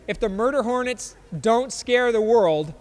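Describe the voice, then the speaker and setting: A man's voice: extremely high pitch, lively intonation, measured pace, long reverb tail. A man in his fifties hosting a podcast, reacting to memes in a loose, joking way and laughing often. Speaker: podcast host. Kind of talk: casual chat reacting to memes.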